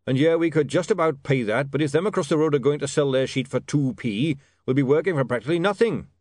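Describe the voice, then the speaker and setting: A man voicing a gruff, practical male dwarf printer who talks bluntly and stubbornly, raising his voice and pitch above his own. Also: fast talker, a little mellow, no room sound, studio quality, natural voice. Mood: grumbling.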